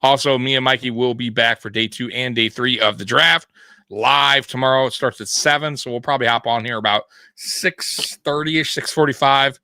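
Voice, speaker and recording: A man's voice: medium pitch, steady tone, normal speed, pushed and bright, no room sound. A man co-hosting a casual live sports stream, laughing often and teasing his co-host.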